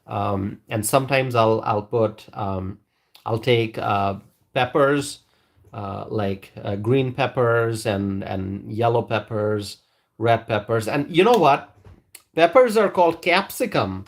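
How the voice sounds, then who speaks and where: Here the live stream host has a lowish, creaky voice that moves slowly but expressively. Chatting with viewers and reading out their comments, he wanders and hesitates, frequently starting over.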